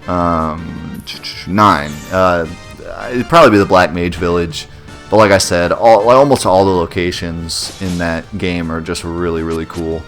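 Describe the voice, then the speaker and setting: A man's voice: deep voice, a little slow, a bit bright, faint music behind. A young man hosting a let's play, chatting casually and rambling in a self-deprecating way as he plays. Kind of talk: casual gameplay commentary.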